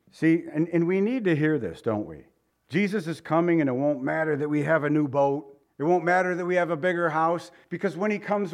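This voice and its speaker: A man preaching a sermon in a conversational way, asking the congregation rhetorical questions and stumbling over his words now and then. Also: a little high. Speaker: pastor.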